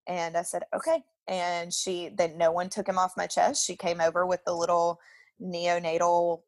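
A woman's voice: lowish voice, level tone, moderate pace, no room sound. A young woman telling a personal story as a podcast guest in a casual, chatty way, with frequent "like" fillers and laughter. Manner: chatty, peppered with "like", laughs often.

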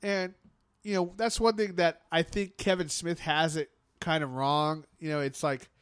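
Opinionated man with a smooth voice. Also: on the high side, fairly even intonation, unhurried, a bit bright, no room sound, clean studio sound. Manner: rambling, opinionated, many restarts and fillers. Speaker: podcast co-host. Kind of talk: casual chat.

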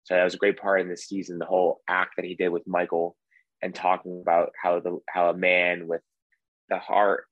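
A man's voice: low voice, monotone, normal speed, no echo, muffled recording. A man from the United States, a guest on a podcast, chatting in an easygoing, rambling way. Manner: easygoing, rambling, filler-heavy. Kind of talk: casual podcast chat.

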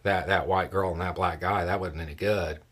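A man's voice: low-pitched, steady tone, normal speed, a bit bright, slightly rough. A man hosting a solo political commentary show, talking in a conversational, dry way with emphatic stresses.

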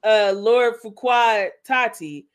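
A woman's voice: on the high side, slow, smooth. A woman co-hosting a casual recap podcast, commenting bluntly and profanely. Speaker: podcast co-host. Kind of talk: casual reality-TV recap chat.

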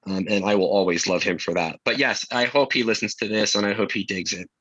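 An earnest musician guest, a man with a mid-pitched, bright voice heard close and dry. He talks hesitantly, with plenty of "um"s, and sounds grateful. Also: fairly quick, husky, no room sound, muffled recording. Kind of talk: casual interview chat.

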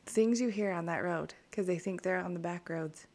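A woman's voice: on the low side, normal speed, a little mellow. A woman in casual chat, telling stories frankly and swearing freely.

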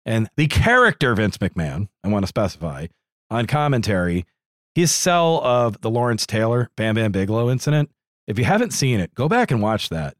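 A man's voice: on the low side, big pitch swings, normal speed, no echo, studio quality. A man co-hosting a wrestling podcast in casual, jokey, digressive chat. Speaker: podcast co-host.

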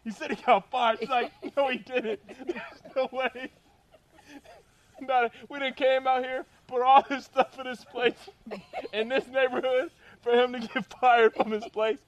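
Young man, high-pitched, casual storyteller who laughs through his own anecdote. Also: unhurried. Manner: animated, laughs through the telling. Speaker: storyteller guest.

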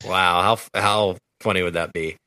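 A man with a low, bright, forceful voice talks animatedly on a casual movie podcast, tossing out playful questions. The sound is dry and close to the mic. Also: steady tone, moderate pace, dry recording. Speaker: podcast co-host.

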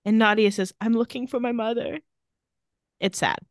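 This podcast co-host chats casually through a TV episode recap, dropping quoted lines and dry remarks. She speaks at normal speed in a slightly high, steady voice, and the recording has no room sound.

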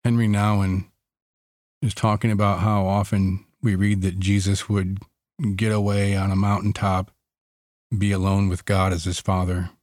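A man leading a guided Christian meditation, speaking softly and slowly with long pauses between phrases. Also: low-pitched, little pitch movement, no echo, clean studio sound.

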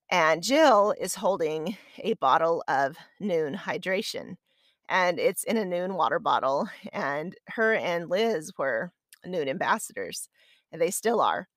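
Her voice sits fairly low with a fairly bright tone, and the clean studio recording has no room sound. As host of her own podcast, she shares a personal story conversationally, poking fun at herself along the way.

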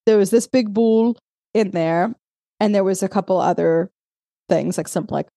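A woman's voice: medium pitch, normal speed, gravelly, warm tone, no room sound, studio quality. A woman co-hosting a podcast in casual chat. She swears freely, laughs often, and talks in loose, rambling stretches. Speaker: podcast co-host.

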